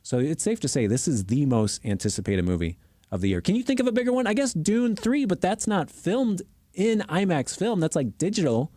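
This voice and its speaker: A man co-hosting a podcast, chatting casually about movies in an animated, joking, self-mocking way. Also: a little high, a little fast, dry recording, clean studio sound. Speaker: podcast co-host. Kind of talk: casual movie review chat.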